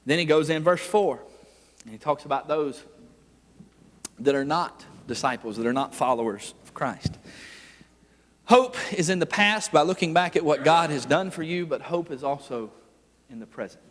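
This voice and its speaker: A man preaching a revival sermon, telling folksy stories with frequent laughs and building to loud, forceful preaching. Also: fairly high pitch, lively intonation, moderate pace, long pauses. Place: church sanctuary. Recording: long church hall reverb.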